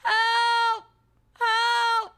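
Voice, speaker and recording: A woman voicing a stranded young frontier woman in a western roleplay game, shouting and sobbing for help. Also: very high voice, fairly even intonation, slow, heavily acted. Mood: desperate.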